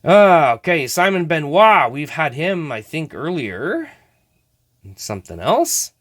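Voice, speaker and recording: Lively slow-talking man. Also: fairly high pitch. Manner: chatty, talks to viewers while sorting cards. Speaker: host. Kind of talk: casual card-opening vlog.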